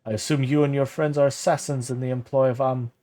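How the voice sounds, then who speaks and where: A man's voice: mid-range voice, steady tone, fast talker, warm tone, close to an everyday voice. A man reading as a stern accusing keeper. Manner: formal, reading game dialogue aloud. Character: stern older male keeper, accusing and cold.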